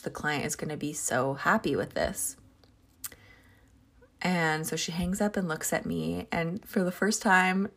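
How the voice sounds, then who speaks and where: A woman's voice: fairly low pitch, vocal fry. A woman from Canada chatting casually through a personal story, acting out her own thoughts. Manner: chatty, lots of fillers and acted-out inner thoughts.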